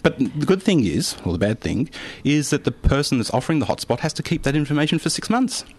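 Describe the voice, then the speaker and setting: Fast-talking radio co-host. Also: male voice, fairly high pitch, sing-song, slightly rough. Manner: explanatory, news-detail oriented. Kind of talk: community radio tech chat.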